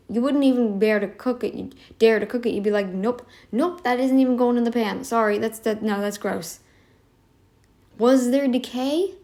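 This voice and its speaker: A woman's voice: a little high, dark tone. A woman hosting a reaction channel, giving a casual commentary that is emphatic and sarcastic, firing off rhetorical questions at the listener. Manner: sarcastic, addresses listeners directly.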